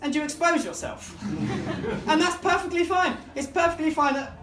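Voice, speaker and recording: A man's voice: extremely high pitch, moderate pace, background noise. A young man performing a stand-up set at a pub comedy night, self-deprecating and laughing at his own jokes. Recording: echoey pub room from far off. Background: audience laughter and room ambience.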